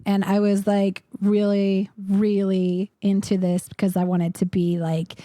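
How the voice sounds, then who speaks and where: A woman's voice: mid-range voice, completely flat delivery, unhurried, mellow, no room sound, studio quality. A woman with a Southern US accent, telling her character's story at a tabletop game, drawling and playful. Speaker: player.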